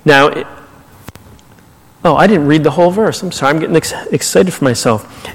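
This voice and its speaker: A male pastor with a high voice delivers a lively, conversational sermon, slipping into casual paraphrases of scripture. The sound carries a long reverb from a large church hall. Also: moderate pace, pauses often, slightly rough.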